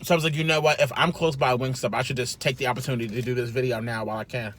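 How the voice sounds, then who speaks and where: A man chatting casually while eating, a food vlogger with an animated, sassy way of talking, recorded in a parked car. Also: medium pitch, racing. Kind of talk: casual mukbang chat.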